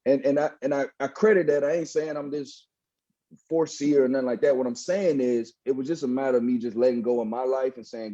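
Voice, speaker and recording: A man's voice: medium pitch, steady tone, a little fast, mellow, dull audio. A man in his thirties, a former pastor, telling his faith story in a casual, preachy way and often saying "bro". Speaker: guest, former pastor turned hip hop artist. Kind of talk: casual testimony in a podcast interview.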